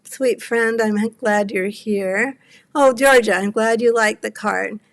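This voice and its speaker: Brief: woman in her 70s, craft stream host, a bit high and gravelly, apologetic chat, teary edge. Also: slow pace. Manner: apologetic, rambling, greets chatters by name. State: near tears. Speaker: cardmaking livestream host. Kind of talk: casual chat with live viewers.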